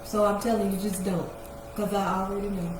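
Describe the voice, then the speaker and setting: A woman co-hosting a casual live chat, talking in dry, mumbled deadpan asides. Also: medium pitch, a little fast. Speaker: co-host of a live chat show. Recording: distant echoey mic with noise.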